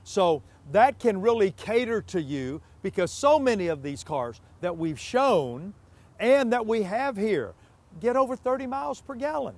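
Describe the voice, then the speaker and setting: A man hosting a TV car sales show outdoors on a car lot, pitching used cars with emphatic, repeated prices. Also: very animated, a little slow. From Pacific Northwest US.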